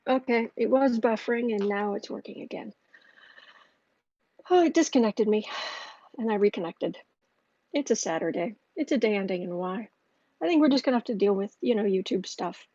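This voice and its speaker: Woman tarot streamer, husky and fairly high, rambling casual chat, muffled lo-fi mic. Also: lively intonation, moderate pace, pauses often, warm tone, no room sound. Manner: rambling, chatty, self-interrupting with restarts. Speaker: astrology and tarot livestream host.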